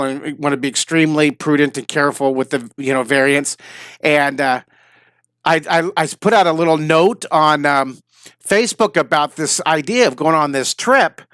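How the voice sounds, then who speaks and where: This man in his fifties teaches drawing on a live stream, rambling casually to his viewers and sounding tired and slightly wheezy. His voice is fairly high with a fairly bright tone, captured in studio quality with no room sound.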